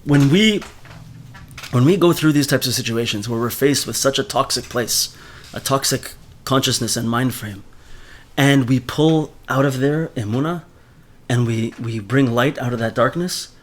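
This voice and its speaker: A man's voice: medium pitch, normal speed. Man teaching a Torah class. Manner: animated, mixes Hebrew terms into speech, repeats words often.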